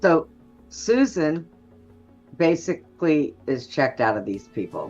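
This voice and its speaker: Low slow gossipy woman. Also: sing-song, a little mellow, muffled recording, faint music behind. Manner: gossipy, blunt, laughs often. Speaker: show host. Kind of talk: casual chat.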